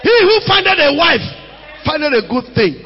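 Nigerian male pastor, very high voice, animated and shouting, dull recording. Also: moderate pace, faint music behind. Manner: animated preaching with shouts, mimicry and Pidgin asides. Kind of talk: sermon. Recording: dull sound in a reverberant hall.

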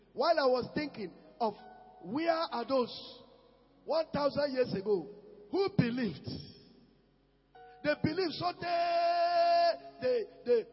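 A man preaching a fervent sermon, shouting out lines, repeating phrases and reading scripture aloud. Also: very high-pitched, breathy edge, long reverb tail, dull audio.

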